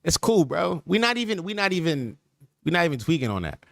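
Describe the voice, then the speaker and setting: High, animated man riffing on stream. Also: brisk, vocal fry, dry recording, clean studio sound. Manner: animated, repetitive riffing with slang. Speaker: podcast host. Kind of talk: casual streaming chat.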